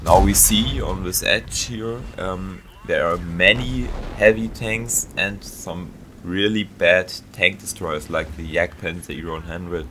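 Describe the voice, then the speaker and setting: A man's voice: sits low, slow pace, few pauses, bright, forceful tone, slight background noise. A man with a German accent commentating on a game replay, hesitant and searching for English words. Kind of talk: gameplay commentary.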